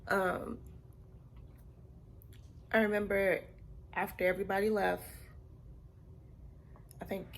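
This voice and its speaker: A young woman vlogger telling a personal story in an earnest, halting way, often repeating herself and sometimes dropping to a near whisper. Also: mid-range voice, flat delivery, creaky.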